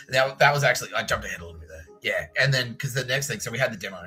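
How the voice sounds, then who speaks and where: This middle-aged Australian podcast host has a mid-range voice, talks fast and pauses often over soft background music. He tells stories casually and with animation, swearing, laughing a lot and acting out voices.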